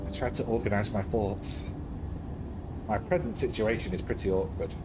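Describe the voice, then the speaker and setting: A man reading a narrative game aloud in steady first-person narration, with quick wry asides. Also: mid-range voice, background noise. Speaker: game streamer.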